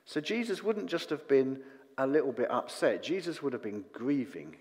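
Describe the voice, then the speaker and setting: A man giving a sermon in a relaxed, conversational way, with self-deprecating asides and fillers. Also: mid-range voice, normal speed. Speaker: preacher. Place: church hall. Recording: long church reverb.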